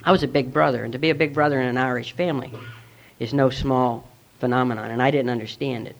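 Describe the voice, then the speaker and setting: Gravelly man giving an earnest testimony. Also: mid-range voice, steady tone, quick pace. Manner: earnest, reflective storytelling with plain fillers. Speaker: speaker at a recovery meeting. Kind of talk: personal testimony talk. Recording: dull lo-fi recording.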